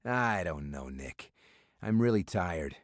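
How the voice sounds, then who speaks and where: A reserved, tired male operative, as a male narrator plays him, giving flat, understated answers. His voice sits very low, and the recording is dry and close. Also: takes it slowly, dry recording. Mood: weary. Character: reserved, weary male spy.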